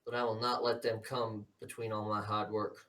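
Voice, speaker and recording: A man's voice: on the low side, flat delivery, normal speed, fairly bright tone, a little hiss or hum, natural voice. A man voicing a stern, scheming older politician who coldly lectures and threatens his son, recorded somewhat far from the mic. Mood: menacing. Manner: cold, menacing, lecturing.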